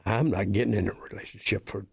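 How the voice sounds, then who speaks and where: Halting middle-aged man, dry close sound. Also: lowish voice, steady tone, gravelly, husky, no echo. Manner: halting, repeats words often. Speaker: wrestling referee, guest. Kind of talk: casual interview.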